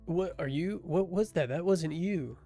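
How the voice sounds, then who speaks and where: A man playing a tabletop game online, eager and quick to own mistakes. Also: fairly high pitch, mellow, soft background music. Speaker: player. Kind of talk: casual tabletop game chat.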